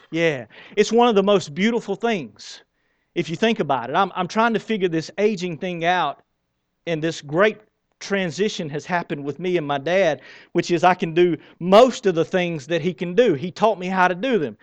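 A middle-aged man preaches in a lively, conversational way, often repeating words and asking his listeners questions. His voice sits high for a man. The recording is close and dry, with little room sound. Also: no echo. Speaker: pastor. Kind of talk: sermon.

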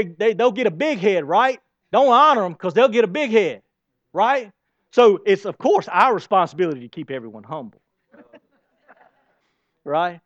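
A man preaching a lively sermon to his congregation, asking rhetorical questions and dropping to quiet asides. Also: high-pitched, dry recording. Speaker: pastor. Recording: dull lo-fi sound.

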